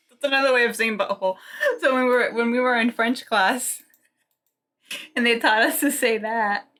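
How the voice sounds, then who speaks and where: A woman's voice: fairly high pitch, normal speed, pauses often, fairly bright tone. A woman streamer in casual chat, telling a story with frequent laughter. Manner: giggly, storytelling.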